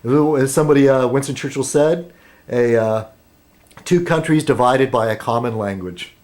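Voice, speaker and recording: A man's voice: mid-range voice, moderate pace, darkish tone. Rambling American man vlogging. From United States. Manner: meandering, filler-heavy, self-deprecating. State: talking while eating. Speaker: vlog host. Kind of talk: rambling casual vlog monologue.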